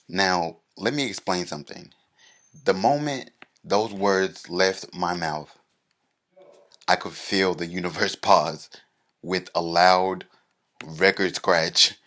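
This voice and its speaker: Deep-voiced man telling a comic story. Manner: animated, self-mocking comic storytelling. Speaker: comedian. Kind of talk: stand-up storytelling.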